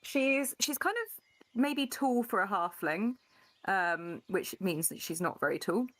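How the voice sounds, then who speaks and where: A woman's voice: medium pitch, expressive, unhurried, fairly bright tone. Woman tabletop player, casual and chatty. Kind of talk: casual chat.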